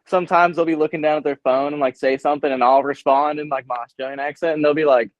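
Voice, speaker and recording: A young man talking as an interview guest, energetic and slangy, full of hype. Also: fairly high pitch, fast talker, no room sound. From United States. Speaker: guest, baseball prospect. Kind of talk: casual interview chat. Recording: dull, dry remote call audio.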